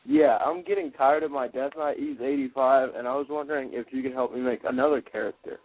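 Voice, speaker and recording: A man's voice: medium pitch, fairly even intonation, a little fast. A man calling in to a radio show, asking a question in a casual, rambling way. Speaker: caller. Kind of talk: phone-in question. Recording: tinny phone line.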